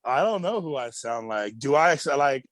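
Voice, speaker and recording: A man's voice: mid-range voice, expressive, normal speed, crowd noise. A young man from Australia, a music producer guest, talking in a laid-back, rambling way with plenty of swearing and fillers. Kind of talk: casual podcast chat.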